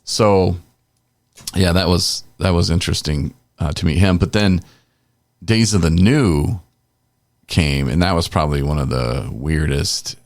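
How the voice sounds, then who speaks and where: A man's voice: sits low, measured pace, no echo. A middle-aged man hosting a casual podcast, telling loose rambling stories and chuckling as he goes, on a close podcast mic. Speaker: podcast host.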